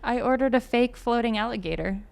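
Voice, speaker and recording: A woman telling a funny story in casual chat, animated and acting out her own pleading and yelling. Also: fairly high pitch, a little fast, gravelly, clear, resonant tone. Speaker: podcast guest.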